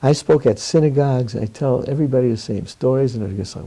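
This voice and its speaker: An older man in a candid interview, telling stories in an animated way, quoting others and laughing often. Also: medium pitch, quick pace, rough recording.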